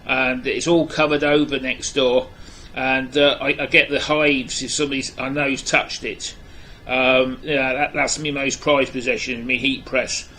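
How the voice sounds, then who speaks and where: Blunt, opinionated Englishman with a bright voice. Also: medium pitch, flat delivery, unhurried, slight background noise, rough recording. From England. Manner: blunt, opinionated, rambling with many fillers. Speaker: music vlogger. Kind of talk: casual video chat to camera.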